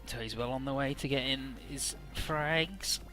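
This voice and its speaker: Man, casual game commentary, bright forceful voice, swears, does goofy character voices, faint game music behind. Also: medium pitch, measured pace. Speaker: let's play commentator.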